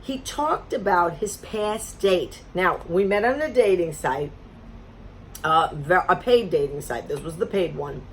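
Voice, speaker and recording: A woman's voice: fairly low pitch, unhurried, a little hiss or hum. A middle-aged woman from Florida telling a dating story in an exasperated, sarcastic casual rant. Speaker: vlogger.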